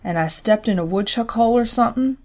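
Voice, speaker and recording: A woman's voice: on the high side, quick pace, a little mellow, voice pushed up. A woman voicing a wounded young male Confederate soldier who pleads in folksy country speech, in an audiobook. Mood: explaining. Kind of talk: audiobook character reading.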